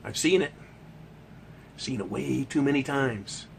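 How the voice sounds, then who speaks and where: A man's voice: mid-range voice, unhurried, creaky, noisy background. A man hosting a ranting monologue, talking in a heated, emphatic and profane way. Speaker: host.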